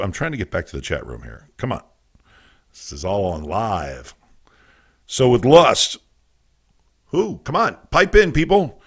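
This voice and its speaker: Rowdy teasing man hosting a live show. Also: medium pitch. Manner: loud, teasing, coaxing the chat room; profane, self-mocking asides. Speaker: podcast host. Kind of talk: casual live show banter. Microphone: desk mic, reading chat on a phone.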